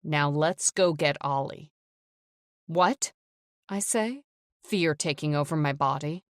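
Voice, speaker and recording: A woman narrating a first-person thriller audiobook in a tense, measured way, close to the mic. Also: deep voice, no room sound.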